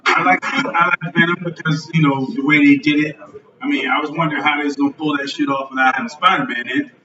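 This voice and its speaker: Loud cussing guy hosting a live podcast, high voice, club echo, kinda far off and muffled. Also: steady tone, quick pace, crowd noise. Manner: loud, profane, joking. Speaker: podcast host. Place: comedy club stage. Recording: roomy lo-fi live venue recording from a distance.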